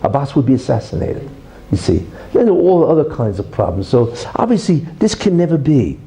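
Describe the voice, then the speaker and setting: Very dark-voiced emphatic male rabbi lecturing. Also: medium pitch, sing-song, brisk, rough recording. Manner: emphatic, full of tag questions like "right?" and "you see"; teaches through a parable, acting out the quarrel in raised voices. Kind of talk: religious lecture.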